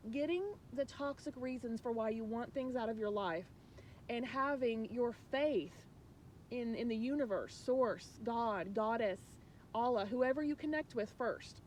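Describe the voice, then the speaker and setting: A woman's voice: on the high side, a little hiss or hum. A woman spiritual coach talking casually and earnestly to viewers, rambling with many restarts and sharing emotional, confiding thoughts.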